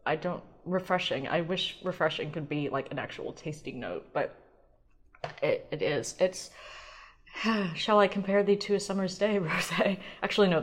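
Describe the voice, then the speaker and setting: A woman hosting a wine podcast alone at home, talking in a chatty, rambling, self-deprecating way, swearing now and then as she gushes. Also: fairly low pitch. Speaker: podcast host. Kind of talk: casual solo wine podcast chat. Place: home kitchen.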